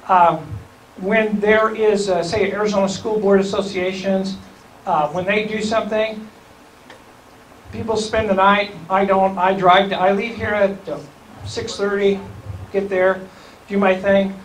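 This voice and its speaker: A high-pitched man speaks loosely to a civic group, restarting phrases and chuckling. He sounds distant from the mic, with room echo and a faint hiss. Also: level tone, a little slow. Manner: rambling, self-correcting, chuckling. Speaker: county school superintendent, guest speaker. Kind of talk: informal talk to a civic group. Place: meeting room.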